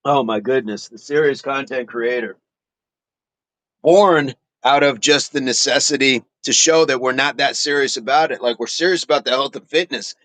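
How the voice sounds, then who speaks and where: A man's voice: medium pitch, normal speed, fairly bright tone, no echo. A man hosting a casual fitness livestream, chatting playfully with viewers, laughing often and repeating his phrases. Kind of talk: casual livestream chat, reading viewer comments aloud.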